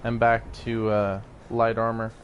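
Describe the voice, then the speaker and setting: A man's voice: mid-range voice, completely flat delivery, measured pace, dull audio, slight background noise. A man giving rambling, casual commentary while playing a video game, laughing often and swearing now and then. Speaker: gaming YouTuber.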